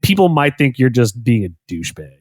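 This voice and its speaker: A man co-hosting a podcast in casual chat, an animated storyteller who laughs often. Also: mid-range voice, fairly quick, no echo, clean studio sound. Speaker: podcast co-host. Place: Los Angeles.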